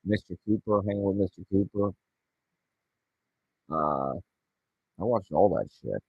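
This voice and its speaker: A man's voice: low-pitched, animated, unhurried, gravelly, breathy edge, dry recording, lo-fi sound. A man in his forties rambling and ranting sarcastically and profanely as he hosts his show solo. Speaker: podcast host. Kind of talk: solo casual rant.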